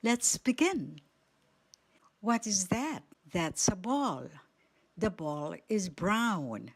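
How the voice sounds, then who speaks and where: A woman teaching a radio language lesson, saying each word slowly and clearly and then repeating it. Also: medium pitch, big pitch swings.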